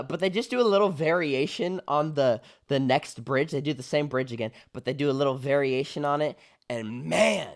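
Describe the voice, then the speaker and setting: Man, pastor, young adult, song reaction commentary, enthusiastic, emphatic repetition. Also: fairly high pitch.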